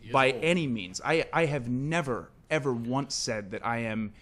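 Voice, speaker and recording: A man speaking as a guest on a talk show, calm and deliberate but confrontational. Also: mid-range voice. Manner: measured, then heated and confrontational.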